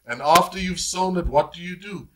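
Pastor guy preaching, emphatic, fairly high voice, keeps repeating himself. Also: moderate pace, slight background noise. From South Africa. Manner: emphatic preaching with repeated phrases and "Praise God". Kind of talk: sermon.

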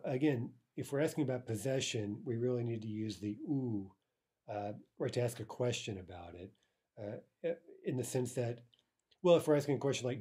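A man with a mellow, dark voice gives an easygoing lesson. He talks in a loose, unscripted way and keeps checking in with his listener. He slows down to say each example carefully. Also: mid-range voice. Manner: relaxed, explains slowly, often checks with "right?"; slows down to pronounce Russian examples. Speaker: language teacher. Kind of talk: casual spoken lesson.

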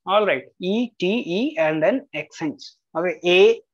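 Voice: medium pitch, lively intonation, unhurried, no room sound. A French tutor correcting a student's homework aloud, bluntly marking answers right or wrong, repeating the rules and spelling out letters. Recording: slightly dull lo-fi recording.

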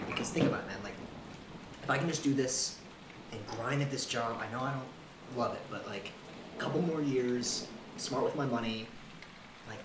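An actor playing a defensive young office worker. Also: male voice, medium pitch, lightly acted. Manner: casual, defensive, talks in slang. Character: ambitious young office worker, defensive about his choices. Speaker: friend with an office job. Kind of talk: naturalistic film acting. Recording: echoey room with clear rain noise. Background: rain.

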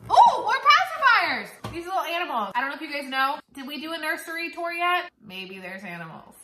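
A young pregnant woman vlogging casually with a bubbly, excitable way of talking. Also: high-pitched, fast talker. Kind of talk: casual vlog chat. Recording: echoey room with background noise.

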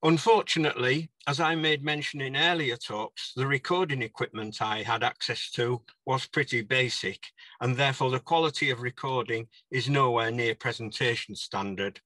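Bright-voiced older man presenting research. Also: mid-range voice, moderate pace, hardly any pauses, no echo. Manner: sings song snatches in a put-on country dialect. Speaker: conference speaker. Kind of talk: presentation on folk song research.

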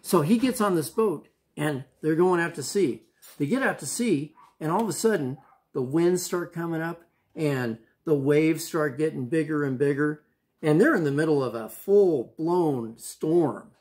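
A man with a fairly high voice teaches children a Bible lesson. His manner is casual and upbeat. He keeps checking in with quick questions to the kids. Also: animated, a little mellow.

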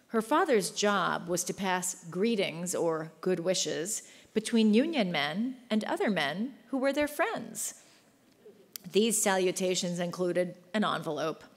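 A woman reading her novel in a hall. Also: fairly low pitch. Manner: measured, literary reading. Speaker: author. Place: large book fair venue. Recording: long hall reverb.

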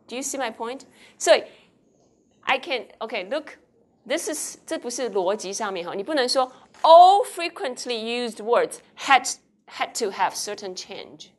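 Woman, university lecturer, Taiwanese accent, bilingual lecture, quizzing the class, somewhat high voice. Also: lively intonation, a little slow. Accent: Taiwanese Mandarin. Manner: explains and quizzes students, switching between Mandarin and English. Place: lecture hall.

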